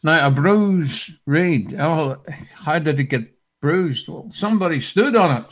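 Husky slow-speaking preacher man. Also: a little high, expressive. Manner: dramatic, swings from loud to hushed. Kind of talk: sermon.

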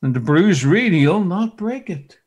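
Husky slow-speaking preacher man. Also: sits high, animated. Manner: dramatic, swings from loud to hushed. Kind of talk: sermon.

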